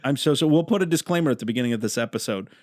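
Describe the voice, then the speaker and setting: A man's voice: mid-range voice, animated, racing, a little mellow, dry recording, clean studio sound. A man co-hosting a podcast in casual chat, joking and a little profane. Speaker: podcast co-host.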